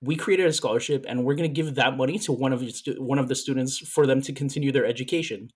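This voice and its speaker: A man's voice: medium pitch, quick pace, husky. A man co-hosting a podcast in casual chat, telling a long story with repeated words, emotional and a little out of breath. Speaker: podcast co-host.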